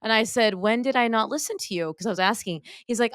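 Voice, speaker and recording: A woman's voice: mid-range voice, fast talker, few pauses, no echo, clean studio sound. A woman hosting a podcast in casual interview chat, effusive and storytelling, telling stories from home with feeling. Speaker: podcast host.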